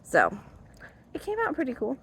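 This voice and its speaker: A woman's voice: high voice, huge pitch swings, moderate pace, vocal fry, a bit bright, slight background noise. A young adult woman, a drama teacher, chatting casually in her vlog, rambling with lots of fillers and little laughs.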